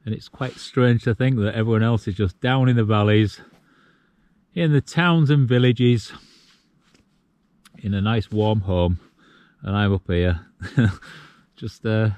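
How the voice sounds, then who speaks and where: A man in his forties from the UK talks to his camera while wild camping on a cold mountaintop at night. His voice is mid-pitched and relaxed, and he reflects aloud with an easy chuckle now and then. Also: a little slow, pauses often, dry recording. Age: 40s. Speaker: solo wild camping vlogger. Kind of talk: casual chat to camera.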